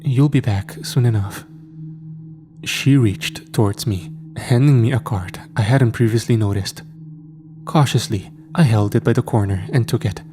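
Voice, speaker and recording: A man calmly narrating a horror story in a measured, scripted way. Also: fairly low pitch, over music.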